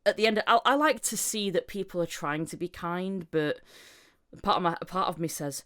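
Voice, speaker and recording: Woman podcast guest, somewhat low voice, self-deprecating rambling chat. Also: moderate pace, fairly bright tone. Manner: rambling and self-deprecating, laughs often, restarts.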